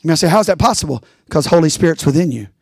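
A man's voice: on the high side, animated, very fast, creaky, a little mellow, breathy edge, no room sound, clean studio sound. A pastor preaching a rousing sermon, calling out to his congregation.

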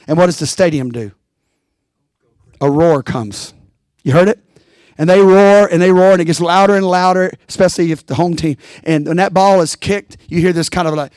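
A man's voice: high-pitched, no echo, studio quality. A pastor preaching a rousing sermon, calling out to his congregation.

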